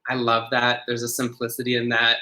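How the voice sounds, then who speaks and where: A man's voice: medium pitch, monotone, brisk, bright, forceful tone, poor audio. A man who is a podcast guest, earnestly explaining ideas and often restarting his phrases. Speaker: podcast guest, ritual designer.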